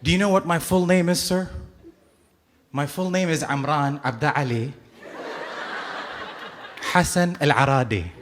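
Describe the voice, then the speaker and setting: A man in his thirties from Bahrain performing a stand-up comedy set, telling stories with sudden loud outbursts and acted-out voices. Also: fairly high pitch, measured pace, pauses often, noisy background. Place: comedy stage before a live audience.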